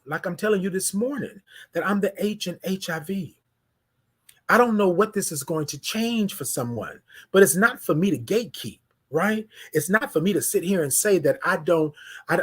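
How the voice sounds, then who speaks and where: Man, high-pitched voice, live-stream host, heartfelt preacher-like delivery, reads viewer comments. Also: fairly bright tone. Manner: emotional, preacher-like cadence with many "right?" asides. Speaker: host of a morning live show.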